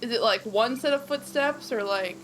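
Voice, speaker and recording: A woman's voice: fairly high pitch, normal speed, a bit bright, slight background noise. A woman playing a tabletop game in casual chat, hedging with fillers and laughing often. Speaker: player.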